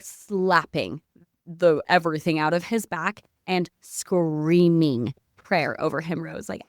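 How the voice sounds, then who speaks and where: A woman with a smooth, clean voice tells a story as a podcast guest, eager and excitable, peppering her talk with "like." The sound is dry and close, with no room around her. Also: medium pitch, no echo. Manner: excitable, fills talk with "like", spiritual vocabulary. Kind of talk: animated storytelling in casual chat.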